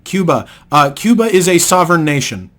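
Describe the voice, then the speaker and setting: A man's voice: fairly high pitch, big pitch swings, brisk, a bit bright. A young man from New hosting a podcast, explaining things patiently in casual chat. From New England, United States. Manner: explains patiently, with many fillers and restarts. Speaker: podcast host.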